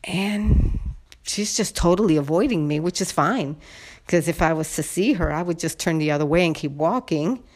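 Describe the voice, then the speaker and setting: A woman's voice: deep voice, normal speed, darkish tone. A woman telling viewers a personal story in a casual, indignant, venting way, addressing them directly. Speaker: vlogger.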